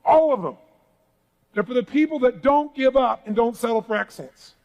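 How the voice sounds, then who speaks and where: A man with a high, gravelly voice delivers a motivational seminar speech on stage. He talks emphatically and keeps pulling the crowd in with call-and-response questions. His rough, grainy tone carries through every phrase. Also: moderate pace, a little mellow, dull audio. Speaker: motivational speaker. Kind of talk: live seminar speech to an audience. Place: large seminar hall.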